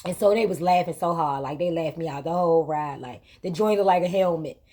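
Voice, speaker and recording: A woman's voice: on the low side, a little fast. Emphatic colloquial woman telling a story. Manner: emphatic, repetitive retelling with lively quoted exchanges; colloquial, vernacular grammar. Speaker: vlog host. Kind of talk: casual storytelling to camera.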